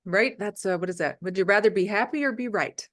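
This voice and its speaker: A woman's voice: medium pitch, fairly quick, a bit bright. A woman hosting a casual wellness interview who responds with supportive, reflective comments and laughs easily. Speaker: interview host.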